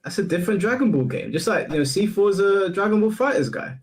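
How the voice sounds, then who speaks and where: A man in casual livestream chat, trading teasing, quick banter with his co-hosts. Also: sits high, lively intonation.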